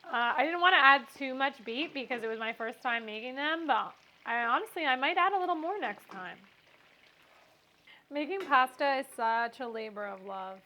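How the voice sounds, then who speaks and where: A bubbly woman chats through a home cooking vlog, her voice pitched high. She sounds bright and sharp as she gushes to her viewers, picked up on a clip-on mic. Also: expressive, normal speed. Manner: bubbly, chatty, gushing. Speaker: home cook host.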